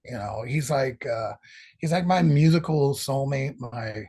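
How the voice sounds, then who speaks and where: Husky, profane middle-aged man. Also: medium pitch, measured pace. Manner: profane, rambling, animated storytelling. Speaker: guest musician. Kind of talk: casual storytelling interview.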